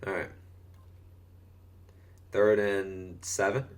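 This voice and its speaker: Profane young gamer with hiccups. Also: male voice, deep voice, flat delivery, very slow. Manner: profane, exaggerated hiccup yelps and squeals. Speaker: gaming commentator. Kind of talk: casual gameplay commentary.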